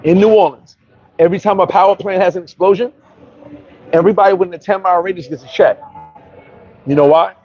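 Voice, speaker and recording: A man's voice: sits high, fairly even intonation, quick pace, pauses often, lo-fi sound, faint music behind. A man from New York telling brash, profane stories in a casual storytelling monologue as a vlogger.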